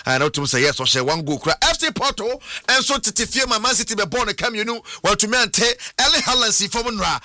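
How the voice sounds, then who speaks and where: A man hosting a radio sports show, chatting excitedly and switching between languages, often laughing. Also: high-pitched, fast talker, few pauses, no echo, studio quality.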